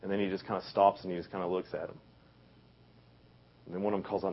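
A man's voice: low voice, flat delivery, fast, pauses often. A young man giving a youth sermon in a casual, conversational way, full of fillers and restarts. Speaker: youth speaker. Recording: dull lo-fi recording.

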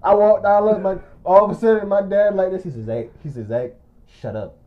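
A man's voice: high voice, quick pace, phone-quality sound. Rambling young man telling a story. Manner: rambling, animated storytelling with laughter and acted-out quotes. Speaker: storyteller in casual chat. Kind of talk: casual chat.

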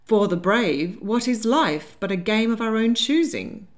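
A poised, worldly grandmother who meets every alarm with dry amusement. A woman acts her out in an audiobook reading. Her lively voice moves up and down, never in a rush. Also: a little high, a little slow, pitched above the performer's own voice. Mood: amused.

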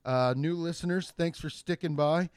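A man's voice: on the high side, darkish tone, clear, resonant tone, dry recording. Profane, rambling male podcast host. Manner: rambling, profane, jokey, with quick asides and restarts. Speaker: podcast host and stand-up comedian. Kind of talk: casual solo podcast monologue.

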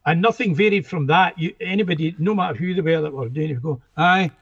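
A man's voice: on the high side, fast talker, slightly rough. An older man with a Scottish accent, a guest musician telling anecdotes in a rambling, self-interrupting way, on a dull lo-fi recording.

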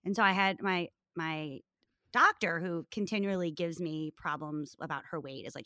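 A woman in her thirties with a bright, forceful voice tells a comic story on a podcast. She talks in a lively, casual way and swears freely. She is recorded close and dry, with no room sound. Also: on the low side, normal speed, no echo. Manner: animated, profane, comic storytelling. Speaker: podcast co-host.

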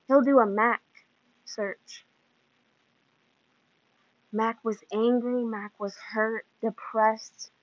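A woman's voice: on the high side, fairly bright tone, dry recording. A woman hosting a podcast, giving an earnest, emotional devotional talk in a preaching manner. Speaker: podcast host. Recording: dull lo-fi dry sound.

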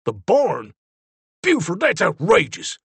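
A man's voice: mid-range voice, expressive, normal speed, darkish tone, dry recording. A man voicing Zeke, an earnest male Time Ranger explaining and defending a case, in a storybook reading. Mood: urgent. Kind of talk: storybook character voice.

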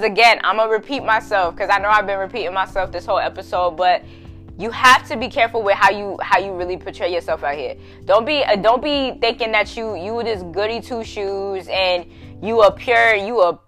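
A young woman talks straight to her listeners in a loose, animated monologue, full of slang and swearing, her voice sitting at an ordinary middle pitch. She breaks into big laughs and keeps the story rolling. Soft music plays faintly in the background. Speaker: podcast host.

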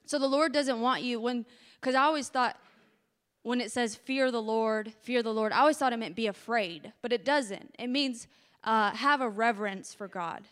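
A woman preaching a sermon in a lively, conversational way, repeating her key phrases for emphasis. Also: a little high, moderate pace, in a large hall.

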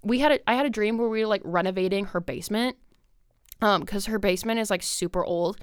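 A woman's voice: medium pitch, quick pace, clean tone, dry recording, clean studio sound. A young woman hosting a podcast, telling a long story in a rambling casual monologue, full of "like" and swearing. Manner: filler-heavy, swears a lot. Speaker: podcast host.

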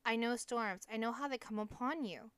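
A woman's voice: a little high, normal speed, a bit bright, clear, resonant tone, no room sound, lightly acted. A woman voicing an earnest, sturdy young farm girl who speaks with somber urgency. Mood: urgent.

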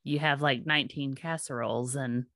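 A woman hosting a casual conversation, speaking in a thoughtful, halting way. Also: a bass voice, steady tone, fairly bright tone, dry recording, studio quality.

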